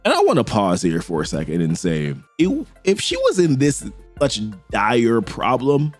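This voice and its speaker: A man's voice: medium pitch, huge pitch swings, a little slow, faint music behind. A man casually retelling a comic book story, acting out each character's lines as he goes. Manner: chatty, acts out every character's lines. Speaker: comic book recap host.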